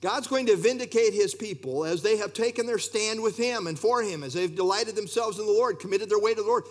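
A man preaching a sermon, expressive and talking straight to his congregation with asides. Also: sits high, a little fast. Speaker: pastor.

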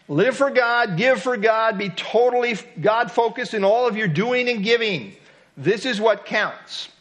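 Pastor, male, middle-aged, high voice; earnest, reflective sermon delivery. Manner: earnest, reflective, reads poems and quotes softly. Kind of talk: expository sermon.

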